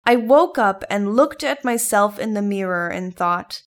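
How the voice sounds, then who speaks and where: A woman from Thailand, a native Thai speaker, telling a personal story to her viewers in English. Her accent mixes Thai with British and American sounds, and she speaks in an earnest, gently encouraging way. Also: medium pitch, animated, measured pace. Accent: Thai mixed with British and American. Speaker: vlogger. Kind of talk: personal story told to camera.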